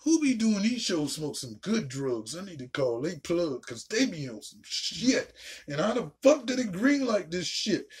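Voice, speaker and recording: A woman ranting casually and profanely while reacting to a show, with a raspy, gravelly voice. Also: lowish voice, sing-song, measured pace, darkish tone. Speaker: video reactor.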